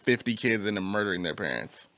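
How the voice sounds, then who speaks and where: A young man co-hosting a podcast, talking in a loose, slangy way and swearing freely. His voice sits fairly low but has a bright, forward edge, and the recording is dry and close with no room sound. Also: expressive, fast talker, dry recording. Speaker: podcast host. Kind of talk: casual chat.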